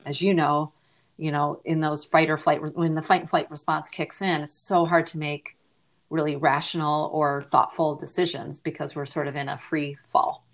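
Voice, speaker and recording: Speaking at normal speed in a low, flat voice, this middle-aged grief advocate reflects earnestly on a personal story during a podcast interview. At moments her voice sinks almost to a whisper.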